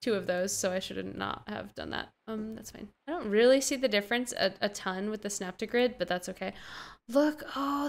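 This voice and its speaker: A young woman casually commenting on a building game as she plays, gushing and gasping with delight, talking to herself in slangy asides. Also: mid-range voice. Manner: slang-heavy, talks to herself while playing. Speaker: gaming streamer.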